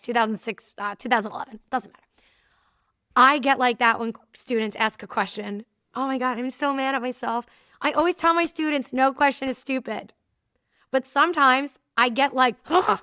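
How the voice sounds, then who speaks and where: A woman with a bright, crisp voice hosts her own podcast, talking candidly and with animation as she teaches and tells stories. The sound is close and dry, with no room around it. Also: a little high, no echo. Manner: candid, animated storytelling with laughs. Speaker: podcast host and movement teacher. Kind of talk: casual solo podcast talk.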